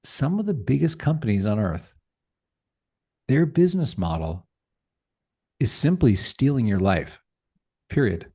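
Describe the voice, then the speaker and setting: A man's voice: medium pitch, sing-song, a little slow, long pauses, dark tone, slightly rough. A middle-aged man speaking as a podcast guest, talking passionately and emphatically with rhetorical questions. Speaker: podcast guest, tech founder. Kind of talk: animated interview talk.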